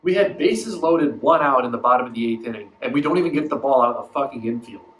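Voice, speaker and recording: A man's voice: medium pitch, animated, quick pace, a bit bright, roomy sound, poor audio. A man ranting about his baseball team in a casual vlog, profane and exasperated, acting out mocking voices as he goes. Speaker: baseball fan vlogger.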